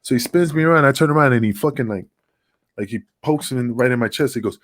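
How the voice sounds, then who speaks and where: A middle-aged man on a podcast, recounting a story in a loose, profane, animated way and jumping into the voices of the people in it. His voice sits mid-range and sounds close and dry, with no room behind it. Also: mid-range voice, quick pace, no room sound. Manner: profane, animated, acts out dialogue. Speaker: podcast guest. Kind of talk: casual storytelling.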